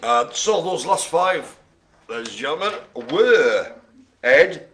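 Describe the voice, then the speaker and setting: A man hosting a live bingo game with a chatty, joking manner. His fairly high voice swings up and down a lot. The tone is bright and lively. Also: slow. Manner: jokey, chatty, playful asides. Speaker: bingo host. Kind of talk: live-streamed bingo calling.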